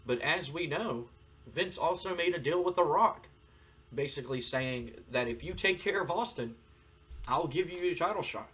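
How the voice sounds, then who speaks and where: A man's voice: on the high side, expressive, normal speed, fairly bright tone. Man casually narrating a wrestling game. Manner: loose, rambling retelling with fillers. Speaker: game commentator. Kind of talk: casual let's-play narration.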